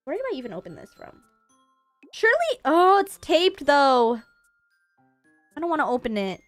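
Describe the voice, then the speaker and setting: A Canadian woman hosting a casual livestream, her high voice bouncing all over the scale as she chats playfully and laughs easily. The sound is close and dry, with faint music playing underneath. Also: sing-song, no echo. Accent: Canadian English. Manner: playful and chatty, quick laughs. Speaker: livestream host.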